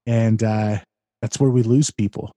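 Man, co-host, mellow warm voice, casual chat, thoughtful, hesitant, dry close mic. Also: lowish voice, steady tone, unhurried, dry recording. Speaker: podcast co-host.

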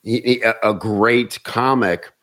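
Lower-voiced man telling comedy stories. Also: slow pace. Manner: animated, restarts words often. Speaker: comedian and actor. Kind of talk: casual storytelling chat.

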